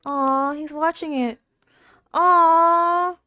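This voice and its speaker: A young woman casually commenting on a show as she watches, chatty and quick to exclaim and talk back at the screen. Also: mid-range voice, animated, no room sound, narrow, tinny audio. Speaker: anime reaction host.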